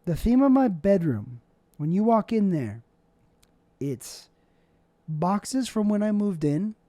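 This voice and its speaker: A man's voice: sits high, sing-song, slow pace, dark tone, no echo. A young man hosting his own show, rambling casually from his bedroom at home, joking and putting himself down. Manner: rambling, self-deprecating, jokey. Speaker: show host. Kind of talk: casual solo vlog monologue.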